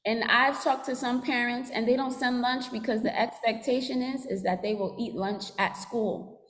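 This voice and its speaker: A woman's voice: on the high side, fairly even intonation, normal speed, fairly bright tone, a little hiss or hum. Brief: woman social worker addressing students, teacherly, in a reverberant large room. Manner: teacherly, asks class to repeat and write. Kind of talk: school assembly talk to students.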